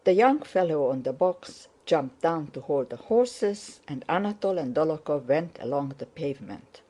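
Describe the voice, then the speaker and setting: A woman narrating an audiobook in a steady, measured reading. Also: sits low. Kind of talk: scripted narration.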